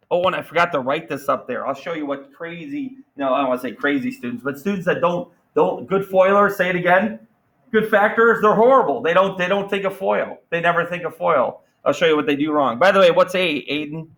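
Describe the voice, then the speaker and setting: A man teaching a math class, energetic and playful, firing questions at students. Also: on the high side, low-quality recording. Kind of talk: classroom lesson.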